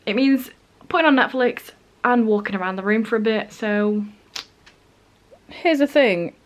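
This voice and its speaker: A woman's voice: on the high side, measured pace. A young woman chatting casually at home for her vlog, with dry, self-mocking humour. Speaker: vlogger. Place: at home, indoors.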